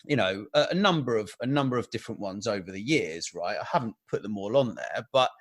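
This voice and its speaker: Blunt podcast host, dry sound. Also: male voice, lowish voice, animated, brisk, dry recording. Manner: blunt, straightforward advice. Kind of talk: casual chat.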